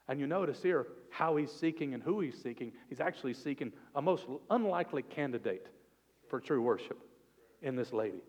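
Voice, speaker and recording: A man preaching a sermon as pastor, earnest and expressive, sometimes dropping to a soft, intimate tone. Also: a little high. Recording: long reverb of a hall.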